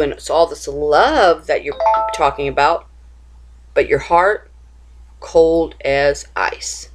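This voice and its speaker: A woman's voice: deep voice, takes it slowly, pauses often. A woman speaking informally to camera, giving a religious exhortation with rhetorical questions, repeated phrases and frequent restarts. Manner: restarts and stumbles while searching for words. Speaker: Christian video teacher.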